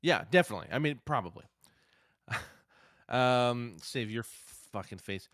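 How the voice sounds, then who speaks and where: A man co-hosting a casual wrestling podcast, speaking at a middle pitch. He is excitable and swears freely, jumping from loud bursts to low asides. The recording is dry and close, with no room sound. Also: measured pace, no echo. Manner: excitable, profane, swings loud and soft. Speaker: podcast co-host.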